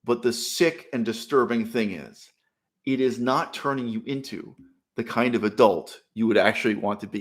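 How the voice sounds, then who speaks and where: A man of middle pitch holds forth in a solo commentary monologue, lecturing in an emphatic tone. He poses rhetorical questions and swings sharply from loud, stressed phrases to quiet ones. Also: moderate pace. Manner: rises and drops sharply in loudness between phrases. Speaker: channel host.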